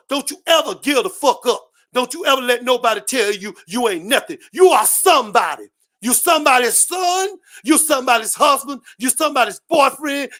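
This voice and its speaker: A man speaking as a guest on a live-stream panel, delivering an impassioned, profane political rant full of repetition and swearing. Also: very high voice. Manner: shouting, preachy, repetitive, heavy swearing.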